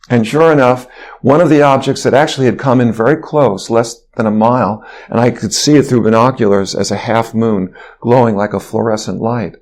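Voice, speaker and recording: A man of middle pitch tells a long story as a guest in an interview. He rambles a bit, with fillers and restarts, and describes events as he goes. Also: brisk, a little mellow. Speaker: guest, physician.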